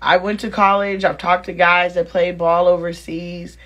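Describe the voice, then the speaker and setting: A woman vlogger telling her viewers a dating story in a casual, animated, sassy and blunt way. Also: lowish voice, moderate pace.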